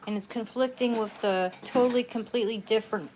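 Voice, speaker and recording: A woman's voice: fairly high pitch, fairly even intonation, fairly quick, darkish tone. Young woman, live streamer, casual rambling chat, bedroom, phone mic, faint background noise. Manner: chatty, rambling asides. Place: bedroom at home.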